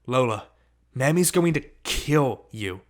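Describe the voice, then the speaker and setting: A man's voice: medium pitch, animated, slow. A man voicing a timid nerdy teen boy. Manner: timid, hesitant. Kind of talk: audiobook character reading.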